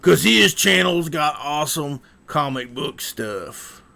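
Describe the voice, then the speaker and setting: A man on a livestream putting on a macho, gravelly male lumberjack voice with an exaggerated manly drawl. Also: a little high, expressive, takes it slowly, bright, forceful tone, full character voice. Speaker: livestream host.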